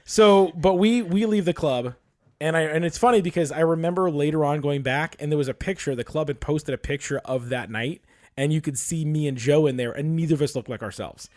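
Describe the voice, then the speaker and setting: A man co-hosting a podcast, telling a long story in a casual, animated way with plenty of swearing. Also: on the high side, a little fast. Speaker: podcast co-host. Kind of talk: casual chat.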